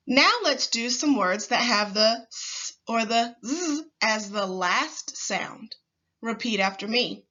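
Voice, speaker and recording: Woman teacher, very slow and patient, bright higher voice, dull lo-fi sound. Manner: patient, articulates sounds and words with deliberate pauses. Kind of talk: slow, clear phonics lesson for young children.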